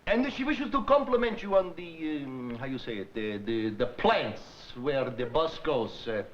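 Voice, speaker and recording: A man's voice: medium pitch, animated, unhurried, lightly acted. An actor playing a courteous Russian father who is formal and polite, hesitating as he searches for English words. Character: courteous Russian father, visiting ballet company head. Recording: dull old TV audio with hiss.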